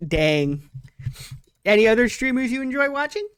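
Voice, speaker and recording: A woman's voice: on the high side, big pitch swings, normal speed, smooth. Giggly woman hosting a chat stream. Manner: giggly, laughs often. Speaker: stream host. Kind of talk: casual chat.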